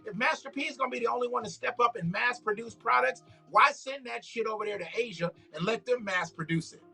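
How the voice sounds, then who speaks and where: A man's voice: extremely high pitch, fast talker, creaky, bright, forceful tone, slightly rough, soft background music. A man, hosting a livestream with blunt, profane, preachy commentary. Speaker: livestream host. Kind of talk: casual political commentary livestream.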